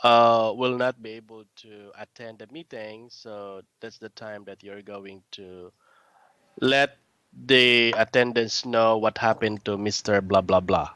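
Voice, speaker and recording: Slow, low-voiced male English tutor. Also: fairly even intonation. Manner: patient, corrects the student's words gently; often clears his throat and says okay. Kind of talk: one-on-one online English lesson.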